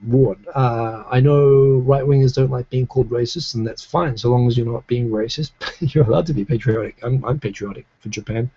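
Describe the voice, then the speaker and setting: Kiwi guy rambling on a live stream, dark raspy voice, kinda muffled audio. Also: medium pitch, normal speed. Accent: New Zealand. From New Zealand. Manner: rambling, frequent restarts and fillers. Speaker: live stream talk show host. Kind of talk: casual live stream chat, reading comments. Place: home in Tokyo.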